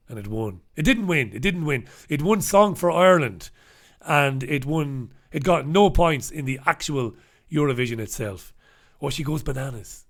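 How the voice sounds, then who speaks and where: A man hosting a solo comic newspaper review, rambling and swearing, breaking into snatches of song. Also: medium pitch. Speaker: host.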